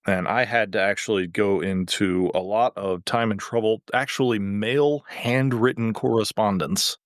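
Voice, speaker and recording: A man's voice: lowish voice, steady tone, no echo, studio quality. A man hosting a podcast, talking casually in loose sentences with restarts. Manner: loose, halting speech with restarts. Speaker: podcast host. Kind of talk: casual chat.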